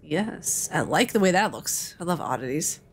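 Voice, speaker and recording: A woman's voice: deep voice, big pitch swings, moderate pace, a little hiss or hum. A young woman hosting a let's-play, chatting playfully with her viewers as she plays. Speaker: gaming channel host. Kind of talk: casual let's-play commentary.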